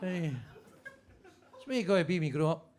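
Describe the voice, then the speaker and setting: A man doing stand-up crowd work in a basement club, brash and foul-mouthed as he teases the people in front of him. His voice sits high for a man. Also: expressive, fairly quick, darkish tone, a little hiss or hum. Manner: brash, swearing, teasing the audience. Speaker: stand-up comedian.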